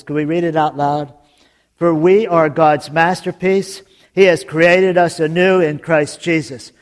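A man preaching a sermon as pastor, telling jokes and stories in an animated way. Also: on the high side. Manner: joking, animated storytelling with laughs.

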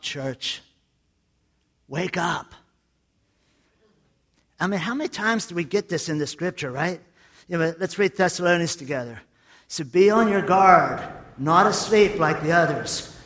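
A man preaching a sermon to his congregation, telling jokes and stories and repeating his points emphatically. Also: fairly high pitch. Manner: lively storytelling preacher with jokes and emphatic repetition. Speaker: pastor.

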